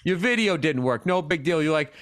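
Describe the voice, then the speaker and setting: A man's voice: fairly high pitch, lively intonation, fairly quick, fairly bright tone. A middle-aged man co-hosting a podcast in casual comedic chat, ranting profanely and mimicking people in exaggerated voices. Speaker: podcast co-host.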